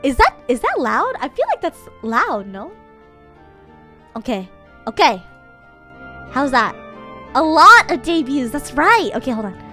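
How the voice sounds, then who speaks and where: A woman's voice: high-pitched, big pitch swings, measured pace, pauses often, pushed and bright, soft background music. A young woman streaming from home at a desk microphone, chatting casually and in a bubbly, giggly way as she thanks her viewers. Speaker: VTuber streamer. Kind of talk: casual live-stream chat.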